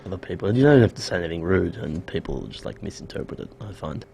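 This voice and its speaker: Brief: Young Australian man, very low gravelly voice, rapid and easygoing. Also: expressive, mellow, a little hiss or hum. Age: young adult. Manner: quick, easygoing, matter-of-fact. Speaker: student guest. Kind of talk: casual interview chat.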